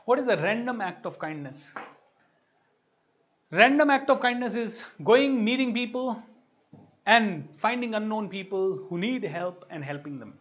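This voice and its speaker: A man's voice: sits high, lively intonation, unhurried, a bit bright, highs cut off. An Indian man giving a motivational talk as a coach, telling stories animatedly and acting out quoted voices. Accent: Indian English.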